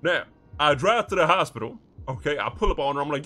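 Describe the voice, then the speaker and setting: A man's voice: on the high side, expressive, fast, sharp tone. A man streaming a gang roleplay, arguing in profane street slang and defending himself. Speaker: streamer playing a gang member. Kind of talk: in-character roleplay argument.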